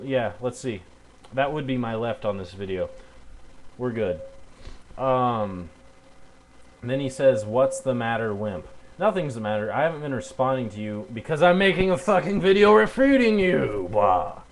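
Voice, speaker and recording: A man's voice: mid-range voice, expressive, moderate pace, rough recording. A young man delivering an angry, heated rebuttal rant into a webcam at home, cursing and stumbling over fillers. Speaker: video blogger.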